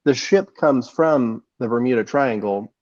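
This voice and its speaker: A man co-hosting a movie podcast in a relaxed, rambling way, often stopping to restart a thought. His audio is dry and a bit muffled, like a lo-fi call mic. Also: mid-range voice, unhurried, no echo. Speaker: podcast co-host. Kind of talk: casual chat.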